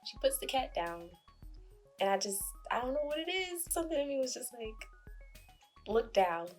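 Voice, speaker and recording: A woman's voice: high-pitched, big pitch swings, brisk, soft background music. Chatty young woman telling a story. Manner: chatty, laughing, acts out quotes. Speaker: vlogger. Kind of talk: casual storytelling.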